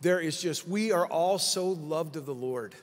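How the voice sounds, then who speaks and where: A middle-aged man preaching at a conference, telling a vision story with lively acted-out quotes. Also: fairly high pitch, unhurried. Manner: animated storytelling, acting out quotes. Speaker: pastor. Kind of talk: conference sermon testimony. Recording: long hall reverb.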